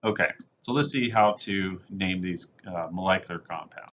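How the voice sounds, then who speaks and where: A male chemistry teacher lectures over slides in a recording, his voice low and fairly bright at a normal pace, though the audio is dull. He explains things step by step, plainly and methodically, with casual fillers.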